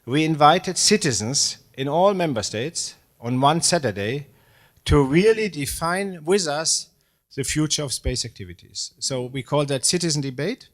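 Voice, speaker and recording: A man in his sixties from Germany, director of a space agency, speaks English with a German accent at a live public talk. His voice is slightly high and expressive at a moderate pace, and he hesitates, uses many fillers, restarts frequently, and belittles himself.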